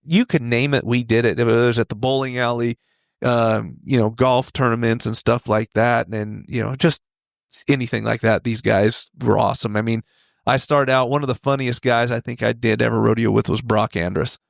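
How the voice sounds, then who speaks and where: A man in his forties, a podcast guest telling rodeo stories in a casual, animated way, laughing often and acting out the voices of the people in them. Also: mid-range voice, moderate pace, gravelly, no echo, studio quality. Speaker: podcast guest, retired steer wrestler. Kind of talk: casual storytelling.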